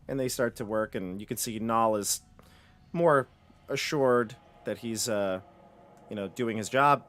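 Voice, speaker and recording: Guy dming a tabletop game, reads out room descriptions, normal pitch. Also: normal speed, a bit bright. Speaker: dungeon master.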